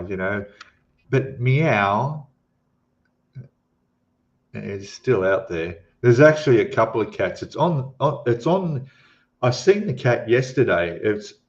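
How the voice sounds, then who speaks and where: A middle-aged man hosts a casual live stream, rambling along at an unhurried pace. His voice sits a little low, and the sound is dull and lo-fi. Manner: chatty, rambling, greets viewers by name.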